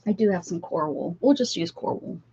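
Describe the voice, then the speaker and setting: A woman's voice: fairly low pitch, animated, brisk, noisy background. Older woman, craft-stream host, rambling friendly chat with viewers, slightly dull lo-fi sound. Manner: chatty, reads chat aloud and answers viewers. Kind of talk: casual livestream chat. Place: home craft room at a desk.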